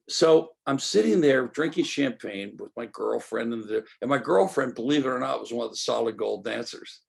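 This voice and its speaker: A man's voice: medium pitch, normal speed, vocal fry. An older man, a guest in an interview, telling stories animatedly and acting out quoted dialogue. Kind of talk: storytelling interview.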